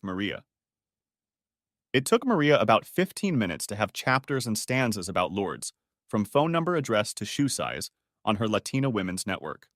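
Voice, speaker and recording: A man's voice: fairly low pitch, no room sound, studio quality. Man narrating a story audiobook. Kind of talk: first-person audiobook narration.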